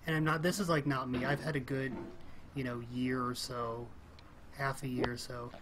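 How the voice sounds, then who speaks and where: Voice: mid-range voice, little pitch movement, normal speed, noisy background. A gamer giving casual, rambling commentary while playing, thinking aloud with frequent little laughs and exclamations. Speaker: let's play gamer.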